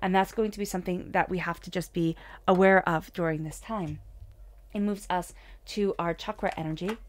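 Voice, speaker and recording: A woman doing a tarot reading in a soft, soothing, upbeat manner. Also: on the low side, steady tone, normal speed, slight background noise. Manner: soft, soothing and upbeat, with whispered meditation passages. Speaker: tarot reader.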